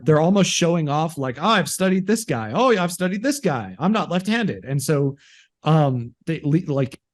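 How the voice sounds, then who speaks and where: A man co-hosting a podcast, chatting casually and rambling with lots of restarts and acted-out quotes. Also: a little high. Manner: rambling, animated, acts out movie lines. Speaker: podcast co-host. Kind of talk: casual chat.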